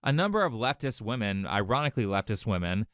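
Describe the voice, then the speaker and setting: Smooth-voiced sarcastic male commentator. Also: fairly low pitch, very animated, fast talker, fairly bright tone, no echo, studio quality. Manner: sarcastic, lecturing. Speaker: video commentator. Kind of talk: scripted opinion commentary.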